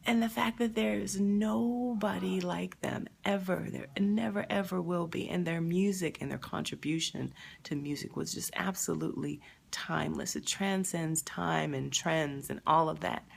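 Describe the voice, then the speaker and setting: Gravelly-voiced grieving woman on a live stream. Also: fairly low pitch, fairly even intonation, a little hiss or hum. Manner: emotional, halting, reads viewer comments aloud. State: sad, near tears.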